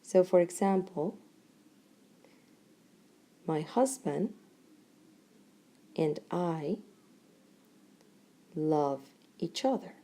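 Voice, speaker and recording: A middle-aged woman explains Spanish grammar in English, pausing between short, deliberately spoken phrases. Her pitch is fairly low, her intonation lively, and her tone dark.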